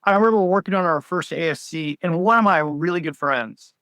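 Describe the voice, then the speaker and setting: This healthcare executive guest, a man in his forties, sounds a little high and sharp and talks a little fast. In a casual interview chat he's an agreeable, enthusiastic storyteller, captured in a clean studio recording without echo.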